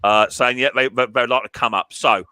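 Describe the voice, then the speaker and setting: A man's voice: mid-range voice, fairly even intonation, brisk, sharp tone, clear, resonant tone, dry recording, rough recording. A middle-aged man hosting a casual live stream chat, chatty and often stumbling over repeated words.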